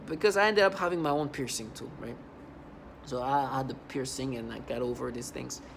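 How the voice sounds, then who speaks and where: A man talking to camera in a rambling, halting monologue, repeating words and stressing points earnestly. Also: mid-range voice, creaky, fairly bright tone, a little hiss or hum. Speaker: vlogger.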